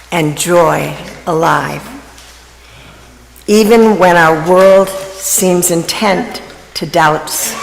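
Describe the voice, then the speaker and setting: Slow gravelly voice reading the offering bit, long church reverb, bit of hiss. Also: medium pitch. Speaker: service leader. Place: church sanctuary. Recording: reverberant hall with faint noise.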